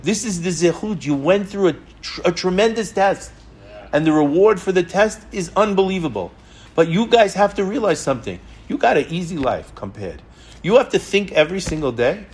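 Rabbi giving a sermon. Man with a raised-pitch voice, emphatic and repetitive storyteller. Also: big pitch swings, brisk, darkish tone. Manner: emphatic, with repetition and rhetorical questions.

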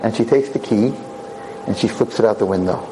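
A man giving a Torah lecture as a rabbi, telling a dramatic story with animated repetition. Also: fairly low pitch, brisk, noisy background. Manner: animated, repeats words for emphasis.

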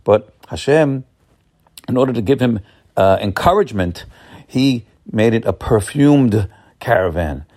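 Rabbi preaching a holiday sermon: a man with a mid-range voice, halting and filler-heavy, who rises to fervent emphasis. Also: mid-range voice. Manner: halting, many fillers, builds to excited emphasis.

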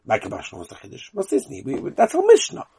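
Yeshivish guy with a yiddish lilt teaching talmud, sing-song chant then quick explaining, bit husky, dry close sound. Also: high-pitched, huge pitch swings, mellow, no room sound. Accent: Yiddish-inflected Yeshivish English. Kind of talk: chanting and translating a Talmud lesson.

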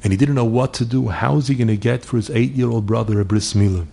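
A middle-aged man delivers a holiday sermon as a string of stories, his voice sitting at an ordinary pitch. He weaves Yiddish and Hebrew words into his English and speaks the lines of the people in his tales. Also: fast talker, gravelly, warm tone, slight background noise. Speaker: rabbi giving a holiday talk. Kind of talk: sermon with storytelling.

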